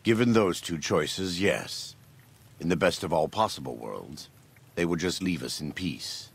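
An actor playing a stern, scripture-quoting warrior preacher in a video game, speaking slowly and solemnly with a gravelly, husky voice. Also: male voice, low-pitched, animated, heavily acted. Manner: slow, measured, solemn delivery.

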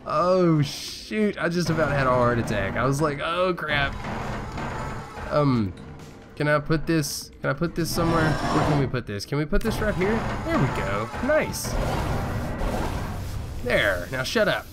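A man's voice: on the high side, animated, unhurried, pauses often, very noisy. A man giving casual, rambling gameplay commentary as a video host, joking at his own expense and talking straight to his viewers. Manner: rambling, self-mocking, talks to viewers. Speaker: gaming YouTuber.

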